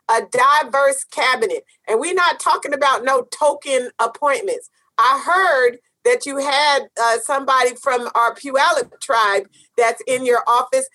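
A woman's voice: high-pitched, sharp tone. A woman co-hosting a casual talk show, speaking emphatically and sassily, repeating phrases for stress. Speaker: co-host. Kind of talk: casual chat.

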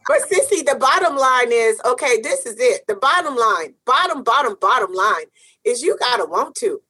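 A woman's voice: on the high side, animated, moderate pace, bright, forceful tone, breathy edge. A woman co-hosting a casual talk show, speaking emphatically and sassily, repeating phrases for stress. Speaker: co-host. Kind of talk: casual chat.

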